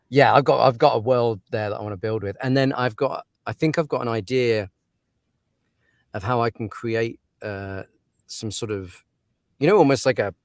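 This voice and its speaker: A man's voice: mid-range voice, dry recording, clean studio sound. A man, an audiobook narrator chatting casually as an interview guest, laughing often and trailing off into fillers.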